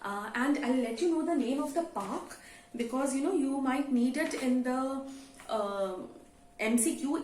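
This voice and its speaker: A woman's voice: sits high, a little mellow, a little hiss or hum. A woman teacher retelling a story to students in a conversational way, with many "you know" fillers. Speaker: English teacher. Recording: roomy with faint ambience.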